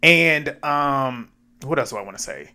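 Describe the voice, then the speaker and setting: A man recapping a reality show episode in casual, animated, profane talk, laughing and acting out his own reactions. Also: on the high side, measured pace.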